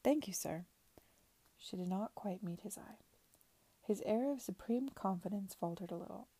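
A woman reading a novel aloud softly in a whispered reading. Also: medium pitch, normal speed, husky, no echo. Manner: soft, hushed narration. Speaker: reader.

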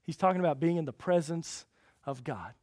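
Pastor guy preaching, pretty high voice, dry close sound, goes big and loud then drops way down soft. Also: lively intonation, a little fast, dry recording. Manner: swings from loud emphatic peaks to quiet low passages; rhetorical questions to the congregation. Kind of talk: sermon.

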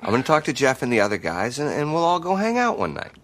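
An actor playing a grown man who calmly reassures an awkward coworker in a film scene. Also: mid-range voice, quick pace, a little hiss or hum. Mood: reassuring. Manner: reassuring, matter-of-fact.

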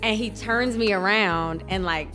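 A woman's voice: medium pitch, measured pace, over music. Chatty young woman telling a story. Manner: chatty, heavy use of "like" fillers; animated, emotional retelling. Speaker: podcast co-host. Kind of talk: casual chat, storytelling.

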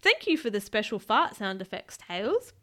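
A woman, a parent, reading a picture book aloud to her child in a playful, animated way and describing the pictures. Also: mid-range voice, moderate pace.

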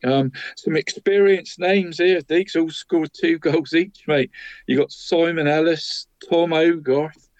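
A man's voice: a little high, fairly even intonation, takes it slowly, darkish tone, dry recording, muffled recording. Chatty man saying "mate" constantly. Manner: chatty, tags nearly every line with 'mate', chuckles at his own jokes. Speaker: podcast co-host reading local football results. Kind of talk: casual sports chat.

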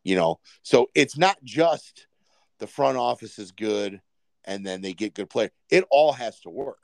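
A man's voice: fairly low pitch, lively intonation, measured pace, vocal fry, no echo. A man co-hosting a casual sports podcast, rambling with many fillers and restarts. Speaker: podcast co-host.

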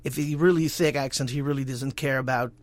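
A man's voice: medium pitch, fairly even intonation, fairly quick. A man with a Dutch accent, a voice actor and guest talking casually in an interview, with many restarts and repeated words. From Netherlands.

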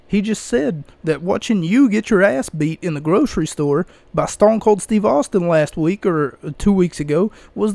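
A man's voice: high voice, expressive, normal speed, gravelly, hardly any pauses, warm tone, dry recording. A man hosting a podcast, talking casually and rambling with lots of fillers into a close microphone. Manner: rambling, chatty, frequent fillers. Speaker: podcast host. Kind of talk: casual solo commentary.

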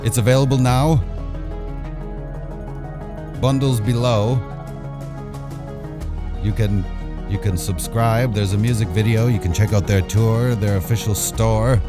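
Offhand low-voiced male web show host. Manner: offhand, rambling, deadpan. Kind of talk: casual comedic web show.

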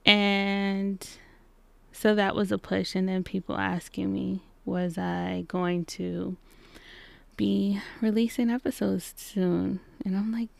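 A woman in her thirties hosting a casual solo podcast from her home basement, chatting and acting out little exchanges in lively voices. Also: medium pitch, slow, vocal fry, no echo. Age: 30s. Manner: chatty, acts out quoted exchanges in animated voices. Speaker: podcast host. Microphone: podcast microphone.

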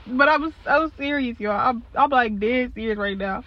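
A woman's voice: a little high, muffled recording. A young woman hosting a solo podcast, venting in a blunt, profane, exasperated way, laughing now and then. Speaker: podcast host.

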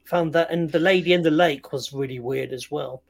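Gravelly easygoing film-chat co-host. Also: male voice, on the high side, normal speed. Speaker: film review podcast co-host. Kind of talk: casual chat.

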